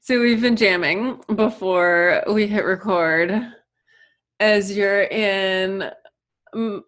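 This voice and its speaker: A woman's voice: mid-range voice, steady tone, slow pace, a bit bright. A woman hosting a podcast, speaking from her home over a remote call in an enthusiastic, affectionate way. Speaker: podcast host. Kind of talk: warm, effusive podcast chat. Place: home in Florida. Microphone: remote call recording.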